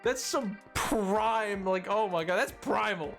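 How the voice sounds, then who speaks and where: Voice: medium pitch, takes it slowly, a bit bright, faint music behind. A streamer on a live gaming stream, loopy and giddy, laughing hard through nearly every sentence.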